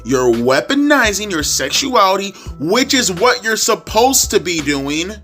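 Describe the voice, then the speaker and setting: A man's voice: high-pitched, sing-song, unhurried, sharp tone, faint music behind. A young man ranting as a YouTube wrestling commentator, profane, repetitive and exasperated.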